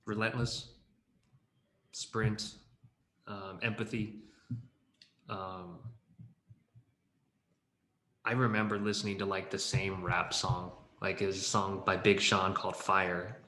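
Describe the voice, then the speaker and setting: A man's voice: sits low, level tone, slow, long pauses, bright, forceful tone, echoey room. A man co-hosting a podcast, chatting energetically and laughing easily. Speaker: podcast co-host, startup co-founder. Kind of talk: casual chat.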